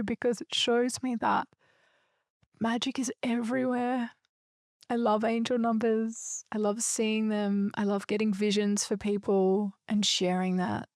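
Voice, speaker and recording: A woman's voice: mid-range voice, no echo, clean studio sound. A woman hosting a solo podcast, talking in an earnest, emphatic, reflective way. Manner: earnest, emphatic and spiritual, with a few loose swears. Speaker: podcast host.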